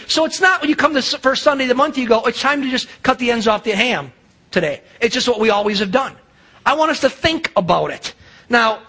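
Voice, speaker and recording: A man's voice: very high-pitched, sharp tone, breathy edge. A man preaching a sermon as pastor, telling a story in a chatty way with fillers and restarts.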